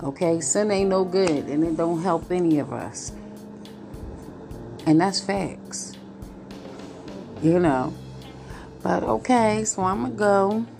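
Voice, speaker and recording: A woman's voice: on the low side, slow pace, creaky, pauses often, music in the background. A woman hosting a relationships podcast, talking casually and laughing, then turning to earnest encouragement. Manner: chatty, laughs often, preachy encouragement. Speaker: podcast host. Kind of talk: casual late-night monologue.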